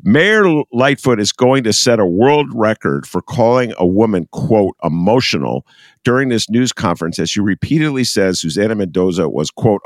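Lowish male talk show host, really animated, swoopy pitch, dry sound. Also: dry recording. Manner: animated, incredulous.

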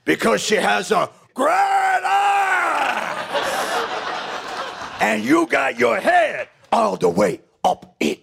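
A man imitating a frustrated star actor who screams his line at full volume, pitched far above his own voice. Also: very animated, slow pace, creaky, heavy background noise, heavily acted. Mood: furious. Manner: shouting, bursting out loud.

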